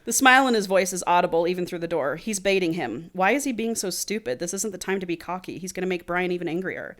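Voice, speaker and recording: A woman co-hosting a casual podcast, retelling and reading a book aloud with lively swearing. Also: lowish voice, fast talker, hardly any pauses. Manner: animated retelling, swearing freely. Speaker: podcast co-host.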